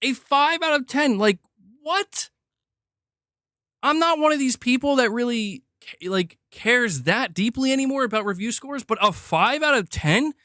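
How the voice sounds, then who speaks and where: A man hosting a livestream, ranting in a heated, animated way and swearing freely while reading chat. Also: very high-pitched, unhurried, dry recording, clean studio sound. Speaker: streamer host. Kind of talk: casual livestream rant.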